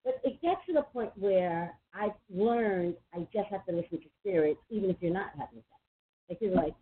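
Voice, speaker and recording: A woman's voice: medium pitch, expressive, a little hiss or hum. Chatty woman on a tinny line. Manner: chatty, emphatic, quick asides. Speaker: psychic radio host. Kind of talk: casual call-in talk. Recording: tinny phone-line sound.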